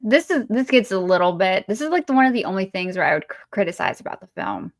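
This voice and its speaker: A woman's voice: mid-range voice, very animated, quick pace. Rambling woman chatting about a movie. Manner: chatty, rambling with fillers and restarts. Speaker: podcast co-host. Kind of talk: casual movie chat.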